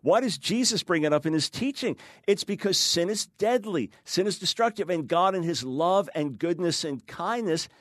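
An emphatic man talking through scripture in a lively discussion, his voice sitting a little high. The sound is dry and close, with no room around it. He drops into quoted voices to make his points. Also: moderate pace, few pauses, no room sound. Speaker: guest author. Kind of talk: animated theological discussion.

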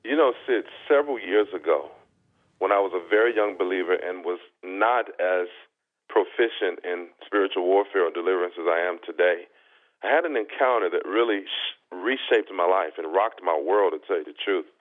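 A man with a lowish voice tells a testimony in an earnest preaching manner. The sound is thin and phone-like, as if it came down a narrow band. He is a guest on a Christian talk show. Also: normal speed. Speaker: guest minister.

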